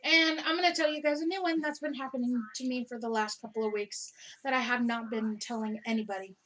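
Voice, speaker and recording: A woman's voice: on the high side, fairly even intonation, a little fast, fairly bright tone. A young woman co-hosting a casual vlog, chatting in upbeat, brief quips. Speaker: co-host.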